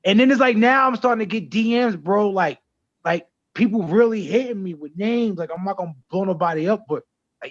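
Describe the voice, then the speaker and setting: Man rapper guest, high voice, slangy animated storytelling, dry dull sound. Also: a little fast, no echo. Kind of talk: casual radio chat.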